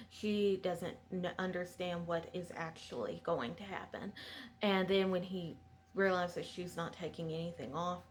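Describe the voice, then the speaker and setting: A woman's voice: lowish voice, a little hiss or hum. Chatty woman recapping a TV episode. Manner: chatty, digressive, sympathetic. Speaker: show recapper.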